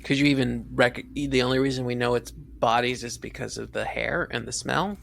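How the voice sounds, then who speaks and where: A man's voice: mid-range voice, steady tone, moderate pace, gravelly, a bit bright, slight background noise. A man playing in a tabletop game, asking questions and reasoning aloud. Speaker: player. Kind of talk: casual tabletop play.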